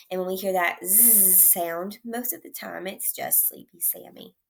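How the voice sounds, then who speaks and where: A woman teacher leading young children through a phonics lesson, speaking slowly and clearly with frequent praise. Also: medium pitch.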